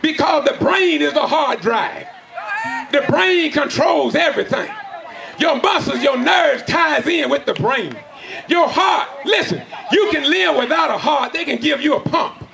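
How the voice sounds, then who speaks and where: A middle-aged man giving an impassioned preacher-style speech, shouting and calling out questions to the crowd. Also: extremely high pitch, lively intonation, a little slow, vocal fry. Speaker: community speaker. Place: outdoors at a community gathering. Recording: loud crowd outdoors.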